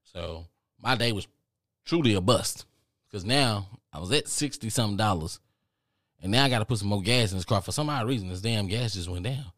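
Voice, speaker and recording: A man hosting a podcast, telling a rambling, profane story in a casual, animated way. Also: lowish voice, fairly quick, dry recording, studio quality. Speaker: podcast host.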